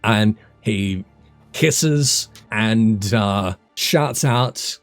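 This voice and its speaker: A man running a tabletop game as dungeon master, talking in a relaxed, hesitant way with many fillers. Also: fairly low pitch, takes it slowly, soft background music.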